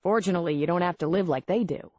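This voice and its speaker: A woman's voice: on the low side, fast talker, dry recording, natural voice. Woman reading as plainspoken bar owner guy. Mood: steady. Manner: calm, matter-of-fact. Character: steady small-town bar owner man, plainspoken.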